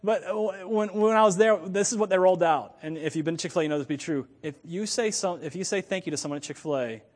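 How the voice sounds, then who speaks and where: A pastor with a high voice preaches fast, swinging between loud, emphatic points and low, joking asides, his voice ringing through a church sanctuary with a long reverb.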